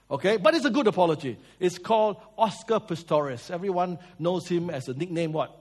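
A man preaching a sermon, telling stories and asking the audience questions, moving between loud and soft. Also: high-pitched, moderate pace. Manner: lively storytelling, swings between loud and soft.

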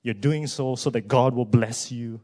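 Male preacher, mid-pitched voice, sermon delivery with hushed lows and loud rising peaks. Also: a little slow. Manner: asks many rhetorical questions.

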